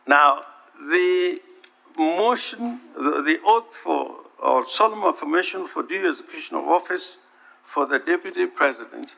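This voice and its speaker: Man with a gravelly, bright voice. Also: on the high side. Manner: deliberate, emphatic, repeats key words. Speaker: counsel addressing the Senate. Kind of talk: formal legal submission. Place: legislative chamber.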